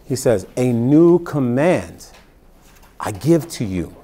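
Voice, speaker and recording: Preaching as a pastor, a man reads Bible verses at a slow pace and follows them with plain, chatty explanations. His mid-range voice has a sing-song quality and a dark tone.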